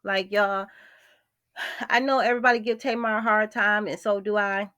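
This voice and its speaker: A woman's voice: medium pitch, fairly even intonation, normal speed, bright, forceful tone, dry recording, studio quality. A woman vlogger, talking bluntly and with exasperation straight to her viewers in a gossip commentary.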